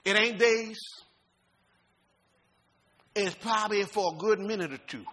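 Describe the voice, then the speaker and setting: A man pastor preaching a sermon, folksy and informal, swinging from loud rising shouts to low quiet talk. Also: a little slow.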